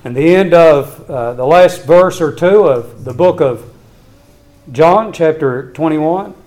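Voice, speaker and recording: A man's voice: on the high side, takes it slowly, darkish tone, rough recording. A man preaching a sermon, reading scripture aloud with earnest emphasis and urging his listeners.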